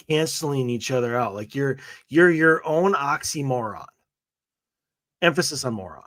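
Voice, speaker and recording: A male co-host who rants sarcastically and mocks what he reads in slow, unhurried speech. His voice sounds dry and close, with no room echo. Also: medium pitch. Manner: sarcastic, mocking rant. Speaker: radio show co-host. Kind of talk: casual podcast banter.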